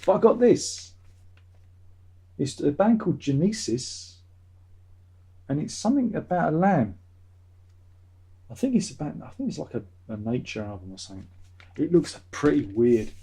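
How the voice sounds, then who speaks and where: A man's voice: fairly high pitch, sing-song, normal speed, pauses often, mellow, husky. A man hosting his own vlog, chatting in a meandering way and swearing casually. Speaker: vlogger, channel host. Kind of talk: rambling casual chat.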